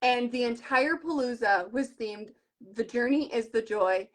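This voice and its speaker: High-voiced earnest woman in her thirties. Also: a little slow. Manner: earnest and animated, retells conversations in lively voices. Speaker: direct-sales team leader. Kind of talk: live video conversation.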